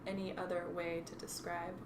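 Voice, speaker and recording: A woman in her twenties from North Carolina, USA, reflects as a guest in a casual interview chat, using lots of fillers and restarts. She talks at normal speed in a monotone voice on the low side. The recording is distant, in an echoey room, with faint noise.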